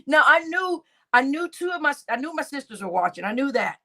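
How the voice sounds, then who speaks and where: A woman's voice: high voice, sing-song, fairly quick, sharp tone. A middle-aged woman chatting on a live stream, reading out chat names, laughing often and swearing freely.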